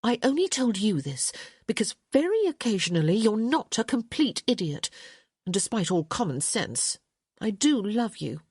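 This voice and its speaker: A woman's voice: medium pitch, big pitch swings, normal speed, a little mellow, breathy edge, dry recording, clean studio sound, pitched above the performer's own voice. A woman voicing a tart, impatient young lady who bickers with her brother in an audiobook. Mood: exasperated. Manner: tart and firm.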